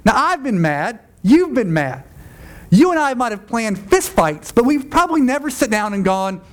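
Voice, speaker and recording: Emphatic high-voiced male preacher. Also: sing-song, moderate pace. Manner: conversational, emphatic, repeats phrases. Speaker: pastor. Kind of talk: sermon.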